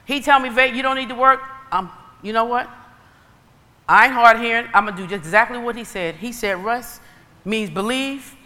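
A woman preacher giving a sermon in an animated storytelling way, acting out dialogue. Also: on the high side, normal speed. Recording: long reverb of a hall.

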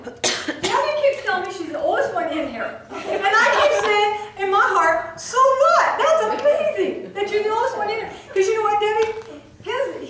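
High-voiced woman preaching in an echoey hall. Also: background noise. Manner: animated, acts out voices in her retelling. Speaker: preacher at women's gathering. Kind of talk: sermon. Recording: echoey hall recorded from far off.

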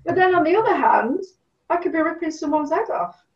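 A middle-aged woman telling stories in a casual chat, animated, acting out what people said. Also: very high voice, brisk. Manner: animated storyteller, acts out quotes. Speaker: guest. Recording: distant, roomy, dull sound.

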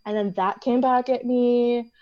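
Animated higher-voiced woman from Canada. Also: measured pace, highs cut off. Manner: animated, laughs often, lots of "like". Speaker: podcast guest. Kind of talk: casual storytelling in a podcast interview.

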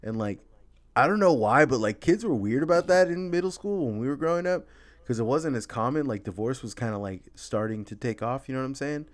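A man's voice: mid-range voice, expressive, fairly quick, no echo. A young man hosts a podcast and tells loose, rambling stories in casual chat. He laughs often and swears freely. His voice is dry and close, with no room sound. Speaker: podcast host.

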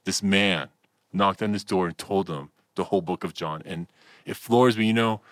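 Low-voiced man telling mission stories. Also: normal speed, no echo. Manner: animated storyteller, acts out quoted dialogue, many fillers. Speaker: minister inside Iran, guest. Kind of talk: radio interview storytelling.

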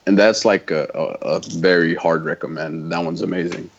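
A man with a very low voice talks through films in a loose, rambling way, leaning on fillers. The audio is dull and lo-fi. It feels like a relaxed podcast chat between friends. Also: moderate pace, gravelly, husky. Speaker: podcast co-host. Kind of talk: casual film chat.

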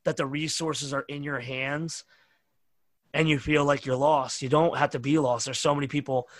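Earnest man hosting, flat dry delivery. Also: medium pitch, no room sound. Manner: earnest, appreciative, rambling with fillers. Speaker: podcast host. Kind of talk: casual interview podcast wrap-up.

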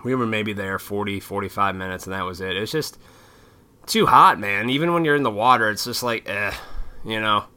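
A young adult man hosts his own vlog, rambling in a laid-back way with frequent fillers and casual swearing. His fairly low voice is bright, forceful, clear and resonant, moving a little fast.

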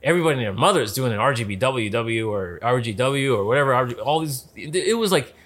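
A man in a casual conversation about film lighting. He tells stories in an animated way, acts out what people said, and often restarts his sentences. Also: mid-range voice, fast talker. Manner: animated storyteller, acts out quotes, many restarts. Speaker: lighting specialist guest.

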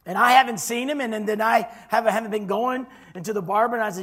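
A man preaching a sermon as pastor, telling a story and swinging from loud declarations to hushed tones. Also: high-pitched, quick pace, few pauses.

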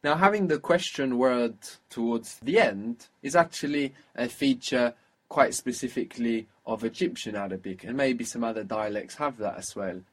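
A man leads a one-on-one language lesson at a steady, patient pace. He prompts the learner and praises each answer. His voice sits at an ordinary middle pitch. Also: normal speed. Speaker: language teacher. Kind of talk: guided spoken language lesson.

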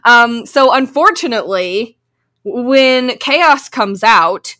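Bright-voiced young woman podcast host. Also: a little high, expressive, slow pace. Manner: easygoing, with frequent affirmations. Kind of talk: casual chat.

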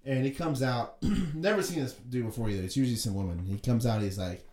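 A man's voice: medium pitch, brisk, a little mellow. A man co-hosting a podcast, telling a story in casual chat, laid-back and swearing freely. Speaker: podcast co-host. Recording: roomy echo.

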